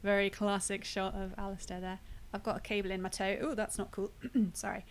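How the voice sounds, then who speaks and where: A woman's voice: medium pitch, little pitch movement, a little fast. A woman streamer giving casual, wry commentary while playing a video game. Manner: chatty, wry, self-deprecating asides.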